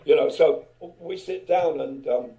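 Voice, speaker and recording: Older male guest, very dark mellow voice, rambling storyteller, roomy echo. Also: fairly high pitch, a little slow. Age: 70s. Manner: rambling, many fillers. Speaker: guest singer. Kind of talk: casual storytelling. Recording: echoey room.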